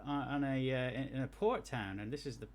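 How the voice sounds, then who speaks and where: A man plays and reviews small games on a live stream, talking through what he sees as he goes. His voice sits at an ordinary middle pitch. He chats loosely, restarts his sentences and drifts into technical notes on graphics. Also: fairly quick. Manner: chatty, thinks aloud, with restarts; technical asides on game effects. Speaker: game streamer. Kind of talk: live gameplay commentary.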